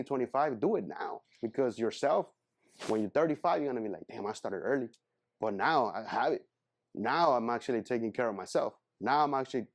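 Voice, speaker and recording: A man's voice: mid-range voice, darkish tone. A man in his thirties giving a casual motivational talk as a guest speaker, earnest and rambling, often calling people "man".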